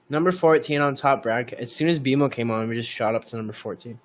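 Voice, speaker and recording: A man's voice: mid-range voice, fast talker, few pauses, slight background noise. A man, a singer-songwriter, chatting casually with viewers on a livestream, rambling with lots of fillers. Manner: rambling, filler-heavy, thanks viewers by name.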